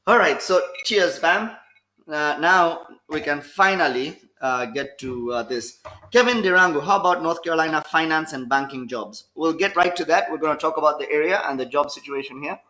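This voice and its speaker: A man co-hosting a casual podcast livestream, switching between English and Swahili and reading out viewer comments in a relaxed way. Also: a little high, normal speed. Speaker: podcast co-host and DJ. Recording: echoey room.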